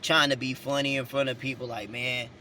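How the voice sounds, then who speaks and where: A man's voice: medium pitch, little pitch movement, fast, bright, forceful tone, a little hiss or hum. A man with a Southern accent, talking casually from inside a car, rambling and repeating words as he tells a story. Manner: rambling, repeats words, chuckles between points. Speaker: vlogger and minister.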